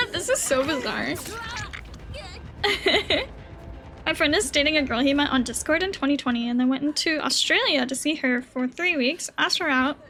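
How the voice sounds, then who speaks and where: A woman's voice: high voice, lively intonation, moderate pace, sharp tone, faint music behind. A woman live streamer chatting casually and swearing loosely while playing a game, with a sore throat and a cough drop in her mouth.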